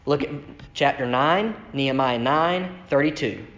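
A man's voice: mid-range voice, unhurried, fairly bright tone, lo-fi sound. A man preaching a sermon in a conversational way, reading scripture aloud and acting out quoted complaints. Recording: echoey hall with long reverb.

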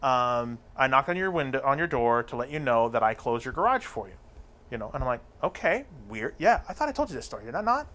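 A man spins a crude story in relaxed conversation, cursing freely. He slips into quick voiced quotes of the people in it. His pitch sits in an ordinary middle range. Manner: crude, profane, acts out other people's lines. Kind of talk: casual storytelling chat.

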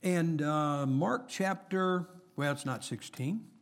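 A man's voice: a little high, slow. A middle-aged man preaching a sermon, chatting with the congregation and reading scripture aloud with rising emphasis.

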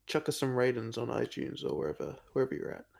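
A man's voice: medium pitch, big pitch swings, fast, vocal fry, a little mellow. A young man co-hosting a casual podcast, talking earnestly and fondly about films. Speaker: podcast co-host.

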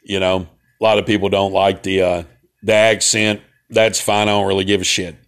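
Southern guy, alabama accent, 40s, lowish voice, rambling folksy chat on his own show. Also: level tone, normal speed, a bit bright, smooth. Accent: Southern US, central Alabama. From Southern United States. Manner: laid-back, folksy, digressive with many fillers. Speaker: host of a talk broadcast. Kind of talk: casual rambling monologue.

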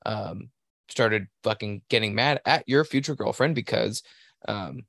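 A man's voice: on the low side, a little slow, gravelly, a bit bright, no echo, clean studio sound. A young man on a podcast telling a rambling work story in a casual, profane way. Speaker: podcast host. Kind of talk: casual chat.

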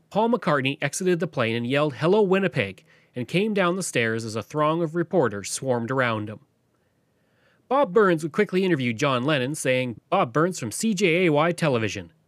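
A man hosting a podcast, narrating history from a script in a lively storytelling way. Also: fairly high pitch, no room sound. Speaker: podcast host.

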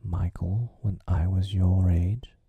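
A proud, sulky father speaks in a hushed whispered role-play, his voice low and husky. A man reads him out slowly, gravelly and dark, close and dry. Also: fairly even intonation, no echo, narrow, tinny audio, full character voice. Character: pompous self-pitying father, adult man.

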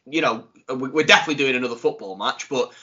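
Bright-voiced jokey podcast host. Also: male voice, mid-range voice, fast talker. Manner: jokey, animated banter. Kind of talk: casual podcast chat. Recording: dull lo-fi sound.

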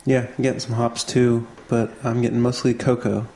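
Gravelly-voiced man tasting beer casually. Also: medium pitch, level tone, normal speed, mellow, slight background noise. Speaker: co-host.

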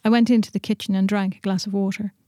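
A woman reading a literary short story aloud in a steady, measured way in a studio. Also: mid-range voice, no room sound.

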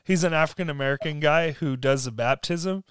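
A man telling stories in casual conversation, animated and laughing often. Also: on the high side, brisk, clear, resonant tone, dry recording.

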